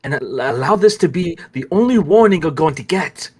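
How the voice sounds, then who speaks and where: A man voicing a grim male dark-order warrior who speaks in measured threats. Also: on the high side, animated, husky, pitched above the performer's own voice. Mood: conflicted.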